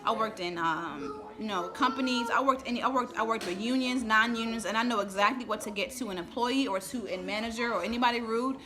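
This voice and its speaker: A woman's voice: fairly high pitch, brisk, hardly any pauses. Irritated woman venting at home. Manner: rambling, irritated and emotional, with restarts. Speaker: vlogger. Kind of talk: live-stream venting to viewers. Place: home, with children nearby. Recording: kids chattering in the background. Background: children's voices.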